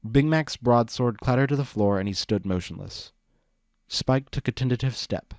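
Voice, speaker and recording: A man reading a fan fiction story aloud, with steady narration. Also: mid-range voice, normal speed, no echo, clean studio sound. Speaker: reader.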